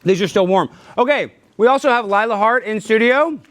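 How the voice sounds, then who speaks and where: A male podcast host with an excitable, jokey manner who breaks into shouts and laughs, talking in a studio. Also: high-pitched, brisk, crowd noise, noisy background. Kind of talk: loud comedic podcast banter.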